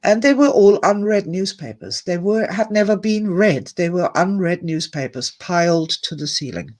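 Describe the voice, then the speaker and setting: A woman's voice: fairly low pitch, moderate pace. Woman, summit speaker, heartfelt anecdote-teller who drifts into asides and swears now and then. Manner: emotional, candid, digressive, with sighs and laughs. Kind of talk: personal storytelling talk.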